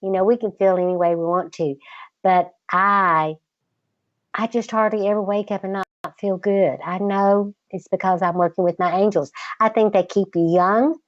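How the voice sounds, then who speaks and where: An older woman with a Southern accent, a guest in a relaxed interview, talking in a slow, patient drawl with a slightly girlish voice. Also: mid-range voice, dry recording, muffled recording. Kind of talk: casual interview chat.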